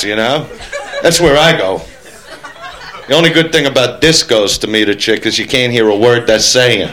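A man's voice: medium pitch, normal speed, bright, forceful tone. A man doing a stand-up routine in a crude, laid-back way, swearing freely. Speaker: stand-up comedian.

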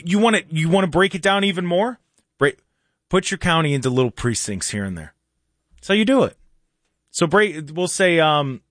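Host with a light, high-pitched voice, sarcastic radio rant, close dry mic. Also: male voice, fairly bright tone, dry recording. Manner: sarcastic, mocking with slow sing-song asides. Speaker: radio talk show host. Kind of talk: opinionated call-in radio monologue.

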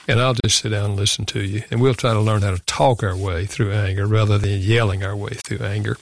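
A man's voice: fairly low pitch, steady tone, brisk, creaky, hardly any pauses, dry recording. An older man, a guest author, telling a personal parenting story in an earnest, reflective way, often saying "you know". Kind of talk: conversational storytelling.

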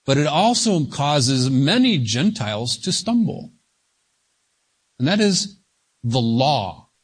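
A man preaching an expository sermon, speaking deliberately and stretching key words for emphasis. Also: medium pitch, sing-song, breathy edge. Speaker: pastor.

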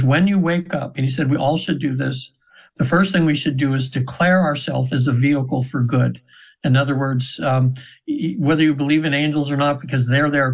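A man's voice: mid-range voice, poor audio. A man in his seventies, a guest on a radio show, telling a long story in an earnest, rambling way with many fillers and restarts. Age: 70s. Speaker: radio guest, spiritual practitioner. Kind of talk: casual radio interview storytelling. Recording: radio interview.

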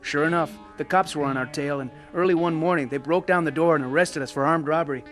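A man's voice: fairly high pitch, fast talker, a bit bright, soft background music, natural voice. An actor playing a blunt, streetwise young ex-gang member who narrates his own story in a radio drama. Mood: reflective.

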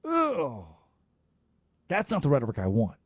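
Emphatic, husky sports radio host. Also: male voice, a little high, expressive, normal speed, a little mellow, dry recording, clean studio sound. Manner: emphatic, rhetorical, theatrical. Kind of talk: opinionated sports talk radio. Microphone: studio microphone.

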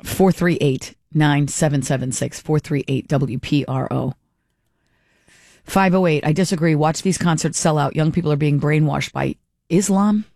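A woman's voice: low voice, normal speed, creaky, darkish tone, dry recording, clean studio sound. A woman hosting talk radio, reading out listener texts and answering them bluntly and with strong opinions. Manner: blunt, opinionated, talks back to texters. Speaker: radio talk show host.

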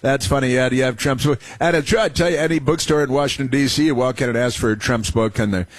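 A man's voice: medium pitch, fast, no echo. A middle-aged man hosting a call-in radio talk show, rambling and chatty with many restarts and fillers.

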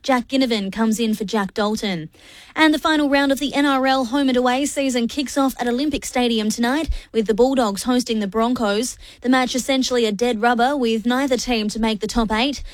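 Woman, radio newsreader, brisk even delivery, slightly high voice, dry studio sound. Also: no room sound. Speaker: news presenter. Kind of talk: scripted news reading.

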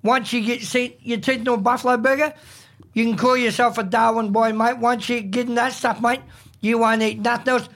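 A man's voice: very high-pitched, little pitch movement, fairly quick, a bit bright. An Australian man bantering on a radio show, blokey and blustering, with "mate" at the end of nearly every line. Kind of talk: casual banter.

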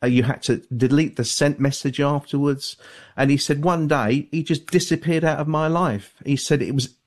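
A man speaking as an author and guest on a call-in radio show, measured and hedging, with many fillers and restarts. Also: a little high.

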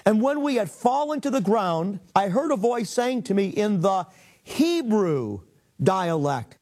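Speaking at normal speed in a high, darkish voice with big swings in pitch, a man who is a rabbi and Bible teacher delivers a teaching sermon. He reads passages of scripture aloud, then earnestly stresses their meaning as he explains them.

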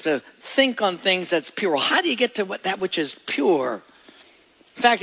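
A man's voice: high voice, fairly bright tone. A man preaching a sermon as pastor, telling stories and acting out little scenes. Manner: storytelling preacher who acts out voices and jokes.

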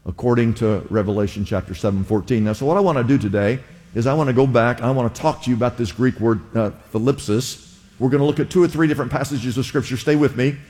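A man's voice: mid-range voice, quick pace, dark tone. A man preaching a sermon, teaching his congregation and calling on them to repeat words after him. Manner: teaching, engages congregation with call-and-response; many fillers and restarts, emphatic rises. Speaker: pastor. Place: church sanctuary. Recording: long reverb of a hall.

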